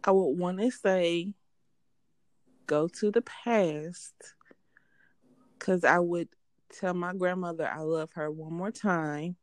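A woman's voice: lowish voice, fairly even intonation, takes it slowly, pauses often, darkish tone, no room sound. A young woman co-hosting a casual podcast, talking bluntly with profane jokes. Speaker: podcast co-host.

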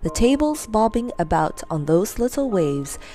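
A woman's voice: medium pitch, very animated, moderate pace, warm tone, close to an everyday voice. A woman voicing a sensible, worried male clockwork clown toy.

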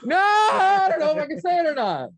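A man's voice: very high-pitched, wildly swooping pitch, a little fast, dry recording. A man hosting a casual chat show, playfully bossy and joking with his co-hosts. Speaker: host.

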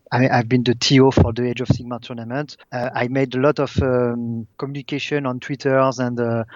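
A man's voice: mid-range voice, no echo. French-accented belgian guy on a podcast, lots of uhs, dry muffled sound. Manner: hesitant, many fillers and restarts while searching for words. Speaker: guest, tournament organizer. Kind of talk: casual podcast interview.

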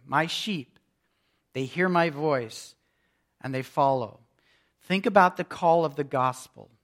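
A man pastor preaching a sermon, emphatic, with loudness that swells and drops. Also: sits high.

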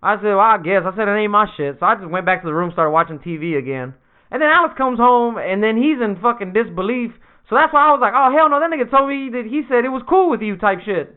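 A man's voice: high-pitched, expressive, fast, clear, resonant tone. A young man in casual chat, slangy and laid-back, swearing freely, recovering from surgery. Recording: tinny lo-fi phone-like sound.

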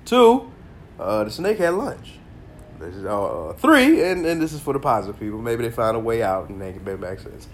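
A man hosting a casual solo podcast, telling stories in a loose, profane, animated way with a congested voice. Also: fairly low pitch, moderate pace, slight background noise. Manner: animated storytelling, slangy and profane, bursts of laughter. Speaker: podcast host.

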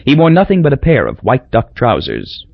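A man reading an audiobook in a wry, measured storytelling voice. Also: medium pitch, wildly swooping pitch, gravelly, breathy edge, dry recording, highs cut off. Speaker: audiobook narrator. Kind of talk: scripted narration.

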